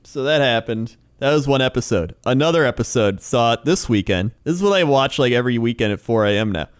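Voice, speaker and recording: Animated man telling a story on a podcast. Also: medium pitch, brisk, smooth. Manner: animated storytelling, mimics voices, laughs often. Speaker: podcast co-host. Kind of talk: casual chat.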